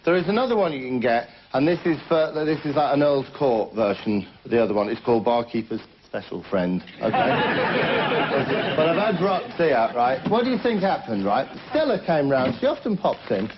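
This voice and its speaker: A man's voice: medium pitch, very animated, normal speed. A man hosting a comedy show, spinning cheeky tall tales and talking straight to the audience. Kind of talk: stand-up monologue in character. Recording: muffled old TV recording with hiss.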